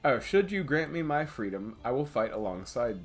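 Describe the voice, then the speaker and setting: A man reading aloud and voicing a powerful, proud female dragon in a game, a bit louder and higher than his own voice. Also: big pitch swings, moderate pace, soft background music. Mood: commanding. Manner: louder and slightly raised when voicing her.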